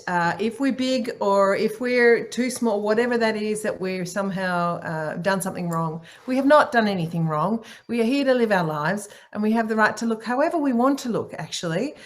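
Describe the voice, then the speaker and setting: Woman, middle-aged, warm and encouraging guest on a video call. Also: mid-range voice. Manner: warm, encouraging, playful with her voice. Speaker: guest speaker, singer and author. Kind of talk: casual online talk answering questions.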